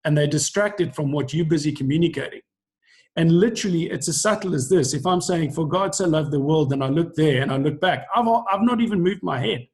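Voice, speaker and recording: A man's voice: fairly high pitch, expressive, a little fast, a little mellow. A middle-aged man coaching preachers on a video call, explaining earnestly and acting out lines he quotes.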